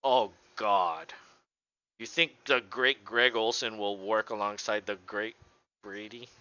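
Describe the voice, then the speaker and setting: With a low voice and a slow pace, a sports podcast co-host delivers casual, swear-heavy rants and mocking impressions in an animated way. The tone is clean and echo-free, though the audio sounds dull.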